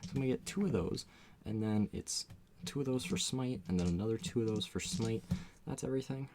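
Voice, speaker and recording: A man's voice: fairly low pitch, brisk, a little hiss or hum. A man playing a tabletop game on a stream, thinking aloud as he tallies his dice. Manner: animated, thinks aloud while tallying rolls. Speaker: player.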